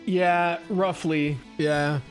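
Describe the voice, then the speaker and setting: A man's voice: a little high, fairly even intonation, extremely slow, soft background music. A man hosting a livestream, chatting casually and telling rambling stories from a trip, swearing freely and restarting sentences. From United States. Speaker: livestream host. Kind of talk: casual chat.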